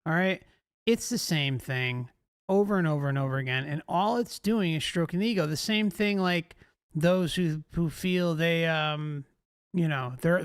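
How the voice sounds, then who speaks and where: A man's voice: fairly high pitch, fairly bright tone, clean tone, no echo, clean studio sound. A male host giving emphatic commentary, often asking rhetorical questions.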